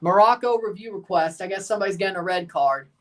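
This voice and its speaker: A man reacting live to a football match as a watchalong streamer, excitable and exasperated, often bursting into shouts. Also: high voice, fast talker, far from the mic.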